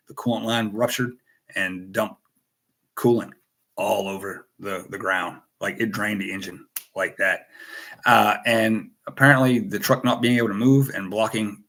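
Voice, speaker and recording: A man's voice: fairly low pitch, fairly even intonation, moderate pace, creaky, fairly bright tone. An American man hosting a casual livestream chat, rambling and joking as he greets viewers by name. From United States. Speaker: host.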